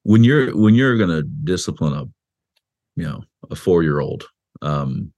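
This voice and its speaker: A man with a deep, low voice speaks as a pastor in an interview. He talks in a loose, conversational way, full of restarts and "you know." When he quotes someone, he lifts his voice into an animated little performance. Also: measured pace, highs cut off. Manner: animated, acts out quoted speech with a raised voice. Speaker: pastor and author, interview guest. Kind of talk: explaining in a podcast interview.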